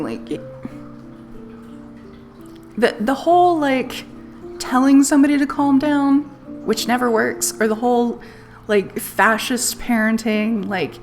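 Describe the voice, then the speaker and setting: A woman's voice: on the high side, slow, long pauses. A woman streaming live, telling a personal story in a candid, casual way and swearing freely. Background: faint music playlist.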